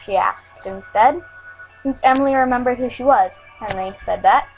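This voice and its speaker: Woman, casual story reading, fairly high voice, small slips, muffled home recording, faint music. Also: moderate pace, vocal fry. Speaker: fan fiction reader. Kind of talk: first-person story reading.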